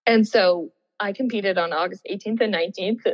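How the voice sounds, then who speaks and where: An Australian former Olympian, appearing as a guest in a casual storytelling interview, recounts her experience at an easy, chatty, moderate pace in a medium-pitched voice. She laughs often and mimics her past self's excited voice, while the muffled audio carries a long reverb tail.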